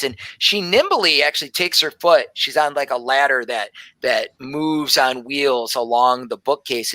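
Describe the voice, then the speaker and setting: A man's voice: medium pitch, sharp tone, dry recording, poor audio. A man narrating as game master of a tabletop game, describing scenes loosely with many fillers.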